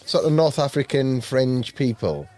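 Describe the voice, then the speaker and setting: A man's voice: medium pitch, sing-song, measured pace, darkish tone. A man with an English accent hosting a community radio drive-time show, reading listener messages with easygoing, teasing banter.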